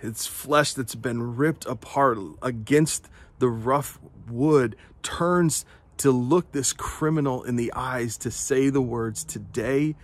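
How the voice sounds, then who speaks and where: A male pastor giving an earnest devotional talk, often repeating his words as he goes. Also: medium pitch. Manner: earnest and unhurried, with frequent word repeats.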